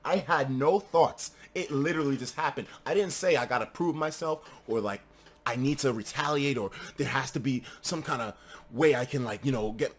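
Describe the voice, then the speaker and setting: A young man streaming, telling a story casually, animated and full of swearing, dropping to mutters and then bursting out loud. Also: mid-range voice, moderate pace.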